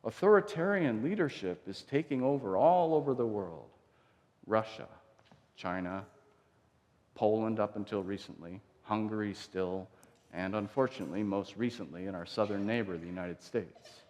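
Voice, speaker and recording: This is a pastor's sermon from a church sanctuary, caught with long church reverb. His fairly low voice sounds a little mellow at a normal pace as he tells the story casually and dramatizes the quotations.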